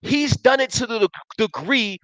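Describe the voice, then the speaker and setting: A man's voice: very high voice, a little slow, fairly bright tone, no echo, poor audio. A man in his thirties hosting a live sports talk show, arguing emphatically and restarting his sentences as he reads viewer comments. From Buffalo area, US. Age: 30s.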